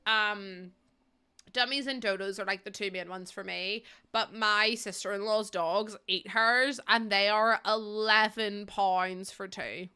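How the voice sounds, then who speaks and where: Chatty bright-voiced young woman streamer. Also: mid-range voice, fairly even intonation, slow, smooth. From UK or Ireland. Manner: chatty, rambling and exasperated, with frequent ums. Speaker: livestreamer. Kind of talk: casual chat with viewers.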